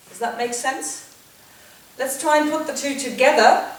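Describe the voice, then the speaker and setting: A woman teaching a dance routine, counting the beats and calling each step in rhythm. Her voice sits a little high and comes from some distance away. It rings in a very echoey room with loud noise behind it. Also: unhurried.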